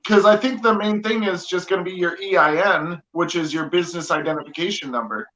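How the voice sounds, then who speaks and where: A man's voice: high-pitched, a little fast, fairly bright tone. A man from the United States chatting casually and easily, with lots of "like" fillers. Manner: easygoing, many fillers like "like". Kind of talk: casual chat. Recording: muffled lo-fi line with clear hiss.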